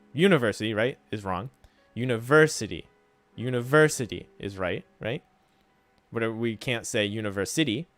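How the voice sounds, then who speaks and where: Male streamer, mid-pitched, casual teaching chat to viewers, light guitar bed. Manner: thinks aloud, answers chat questions, keeps checking with "right?". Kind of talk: casual livestream talk to chat.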